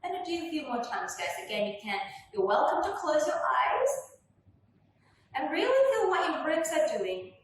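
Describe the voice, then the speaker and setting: A woman with a high voice calmly leads a gentle pilates session, cueing each inhale and exhale. She sounds distant from the camera in a very echoey room, with a faint hiss behind her. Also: moderate pace. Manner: gentle, calm cueing of breath and movement. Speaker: pilates instructor. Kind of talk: guided workout instruction. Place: room at home.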